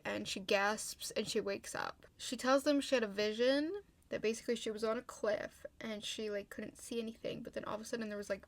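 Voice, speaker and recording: In a dry recording with no echo, a young woman with a mid-range voice recaps an episode of a TV show. Her delivery is loose and talkative, packed with "like" fillers and frequent swearing.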